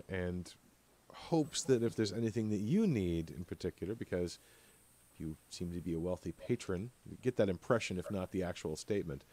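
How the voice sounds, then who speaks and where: Male game master, low voice, halting delivery with lots of "uh"s, narrating a tabletop session. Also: dark tone. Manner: halting, many fillers and repeats.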